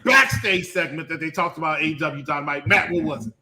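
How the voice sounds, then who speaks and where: A man hosts a casual wrestling review with a loud, mocking manner. His voice sits high and bright. He often mimics others in a squeaky voice. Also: fast talker, poor audio. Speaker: show host.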